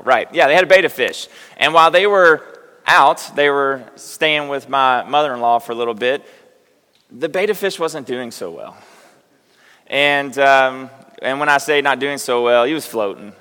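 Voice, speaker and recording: A man's voice: mid-range voice, fairly bright tone. Male pastor preaching in reverberant church. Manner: conversational, self-deprecating storytelling with rhetorical questions. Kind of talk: sermon. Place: church sanctuary. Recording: long hall reverb.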